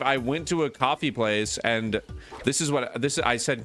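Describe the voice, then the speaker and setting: A man's voice: on the low side, a little slow, a bit bright, faint music behind. A man streaming a video game, telling a rambling, profane story in casual chat, full of fillers and restarts.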